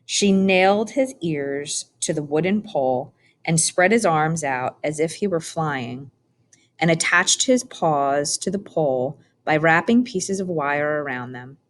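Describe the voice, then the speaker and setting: A woman narrating a children's storybook in a calm, measured reading. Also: low-pitched. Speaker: audiobook reader.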